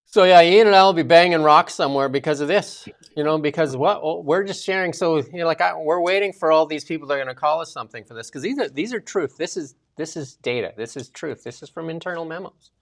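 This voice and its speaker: A man's voice: fairly high pitch, fast. A man from Canada co-hosting a political talk show, ranting indignantly with sarcastic asides. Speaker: co-host. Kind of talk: political commentary chat.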